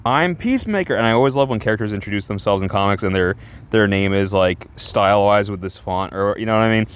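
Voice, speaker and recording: A man's voice: fairly low pitch, fairly even intonation, quick pace, smooth. A man casually reviewing a comic book in a rambling, crude, chatty way, laughing often and correcting himself as he goes.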